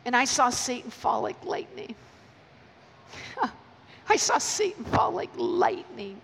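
A middle-aged woman preaching at a conference, telling stories in an animated way with quick restarts. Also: a little high, gravelly, husky. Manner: animated storytelling with stammered restarts. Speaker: conference speaker. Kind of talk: energetic sermon. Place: large hall. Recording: live hall with long reverb.

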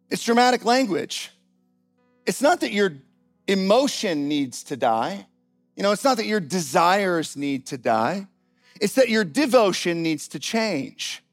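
A male pastor preaching a sermon in an animated, conversational style with casual asides. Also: sits high, moderate pace, long pauses, soft background music.

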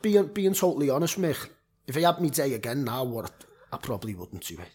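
A husky, slightly breathy man with a Liverpool accent recounts his football days in casual talk. He is blunt and swears freely, stumbling through fillers and restarts as he goes. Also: mid-range voice, very animated, brisk, darkish tone. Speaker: former semi-pro footballer guest. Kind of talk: casual podcast chat.

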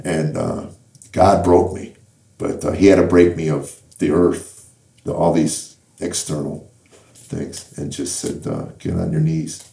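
A man's voice: low-pitched, steady tone, creaky, dark tone. A middle-aged man, a comedian, giving a conversational faith testimony in an interview, often repeating and restarting words as he talks. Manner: halting storyteller, repeats words, acts out quotes. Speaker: comedian guest. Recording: echoey room, distant mic.

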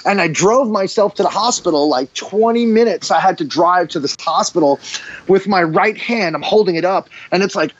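A man in his forties, a podcast guest, telling a story in a casual, animated way, full of "dude" and "like". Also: high voice, moderate pace, highs cut off. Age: 40s. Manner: animated, heavy use of "dude" and "like".

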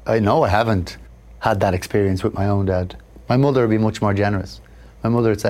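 A man's voice: on the low side, fairly quick. A man, a guest in an interview, telling personal stories in a reflective way and acting out the people he quotes. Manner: reflective, acts out quoted people in lively voices. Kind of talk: candid conversational storytelling.

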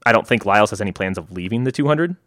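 A man's voice: fairly low pitch, expressive, very fast, a bit bright, dry recording, clean studio sound. A man co-hosting a casual running podcast, talking in a loose, rambling way and laughing easily. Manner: rambling, many fillers and restarts, easy laughs. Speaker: podcast co-host.

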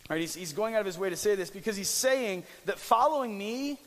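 Young male pastor with a high-ish voice, hall reverb. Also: animated, a little fast. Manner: conversational, frequent restarts, jokey asides. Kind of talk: casual sermon.

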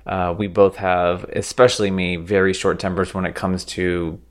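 A man's voice: sits low, little pitch movement, normal speed. A man co-hosting a film review podcast, telling rambling personal stories in casual chat. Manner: rambling storyteller with many fillers. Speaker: podcast co-host.

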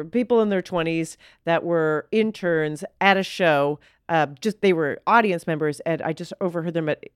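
A woman comedian chatting as a guest, animated and quick to act out quoted voices. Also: lowish voice, clear, resonant tone, no room sound, studio quality. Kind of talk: casual chat.

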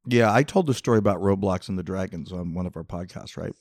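A man's voice: low voice, fast, darkish tone, no echo, clean studio sound. A middle-aged man hosting a podcast, telling long rambling jokey stories in casual chat. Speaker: podcast host. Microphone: podcast mic, close.

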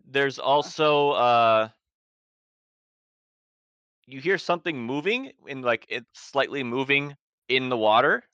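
Bright, hesitant male game master. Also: mid-range voice, animated, slow pace, pauses often, clear, resonant tone, dry recording, dull audio. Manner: hesitant, many ums and restarts. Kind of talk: narrating a tabletop horror game.

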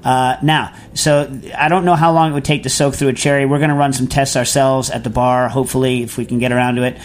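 A man's voice: mid-range voice, flat delivery, quick pace. Chatty rambling man hosting a radio show. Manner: rambling, chatty, many fillers and restarts. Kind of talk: casual call-in answering.

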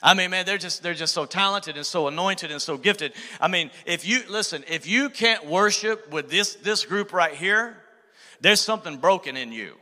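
A preacher with a high, bright voice delivers a sermon. His words ring through a large room with a long reverb tail, and he keeps calling on the congregation to answer back. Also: animated, normal speed. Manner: preaching with call-and-response to the congregation. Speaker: pastor. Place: church sanctuary.

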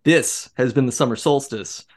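A man co-hosting a podcast in casual chat, animated and joking, often breaking into laughs. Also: medium pitch, normal speed. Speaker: podcast co-host.

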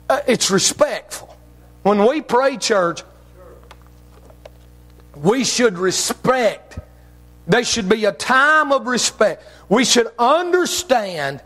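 A man preaching a sermon as pastor, with folksy phrasing, shouted emphasis and drawn-out phrases. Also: high-pitched. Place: church sanctuary. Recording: long reverb of a church hall.

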